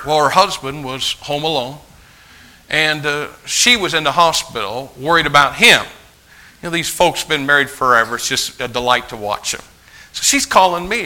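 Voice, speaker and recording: A male preacher telling a folksy story in a sermon, animated, acting out the dialogue. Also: a little high, low-quality recording.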